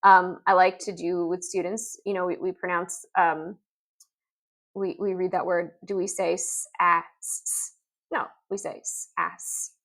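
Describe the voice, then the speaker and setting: A woman explaining reading lessons in an upbeat instructional video, sounding out letters and words slowly. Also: fairly low pitch, flat delivery. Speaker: literacy teacher.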